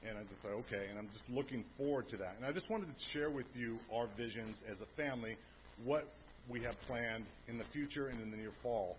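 A man in his fifties, serving as family pastor, giving an emotional, earnest testimony to his church in a booming voice. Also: fairly quick. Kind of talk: personal testimony. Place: church sanctuary. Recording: dull lo-fi church audio, faint hum.

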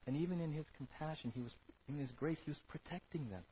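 A male pastor preaching a sermon in an animated way, often checking in with "right?", in a dull lo-fi recording. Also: on the high side, fast talker, a little hiss or hum. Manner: animated, keeps asking "right?".

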